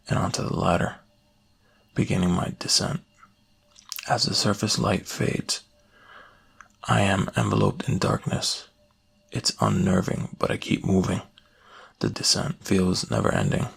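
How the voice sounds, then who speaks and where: A man giving a slow, hushed first-person reading of a creepy story in soft-spoken ASMR narration, close to the mic. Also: sits low, gravelly, breathy edge.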